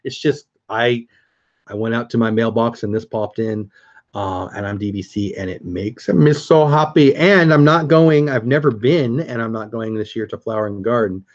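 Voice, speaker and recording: A man's voice: medium pitch, normal speed, highs cut off. A middle-aged man hosting a casual live stream, chatting upbeat with viewers and answering their comments.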